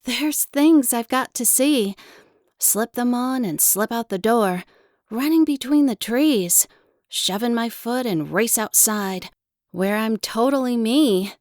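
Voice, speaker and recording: Slow, gentle woman reading her memoir. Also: fairly high pitch, no room sound, studio quality. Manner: gentle, earnest storytelling in short phrases. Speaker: author reading her own audiobook. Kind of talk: first-person memoir narration.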